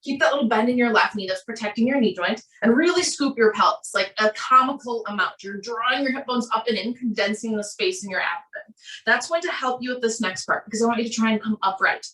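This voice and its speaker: Calm Minnesotan woman leading yoga. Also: on the high side, fast. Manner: calm, steady breath-paced cueing. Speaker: yoga instructor. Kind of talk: guided yoga class cues. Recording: roomy echo, voice from a distance.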